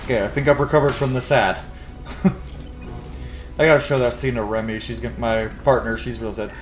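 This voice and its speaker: A man hosting a let's play, talking through the game in a loose, unscripted way. He is candid about his feelings and swears freely. His voice sits at an ordinary middle pitch. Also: steady tone, moderate pace, soft background music. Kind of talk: casual gameplay commentary.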